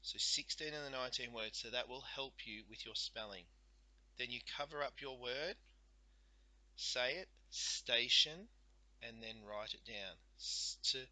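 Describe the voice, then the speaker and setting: Bright, dry-voiced teacher sounding out words. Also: male voice, medium pitch, no echo, rough recording. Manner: slow, careful, sounds out letters and syllables. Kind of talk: recorded spelling lesson.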